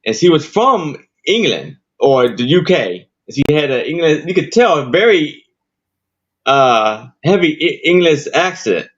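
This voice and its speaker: A man's voice: medium pitch, lo-fi sound. A man guesting on a live stream, casually telling a funny story from his past work. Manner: slow, laughing storyteller.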